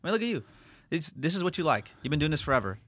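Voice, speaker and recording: Young man, podcast host, fast, profane, enthusiastic. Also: a little high, big pitch swings, fairly bright tone, dry recording. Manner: profane, enthusiastic, quick retelling. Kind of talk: casual chat.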